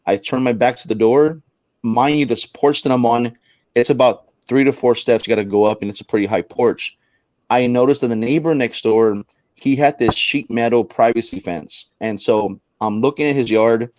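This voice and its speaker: A man's voice: medium pitch, normal speed, no echo, lo-fi sound. A man, a paranormal investigator, telling a story on a talk show, with lots of restarts. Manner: animated storyteller with many restarts.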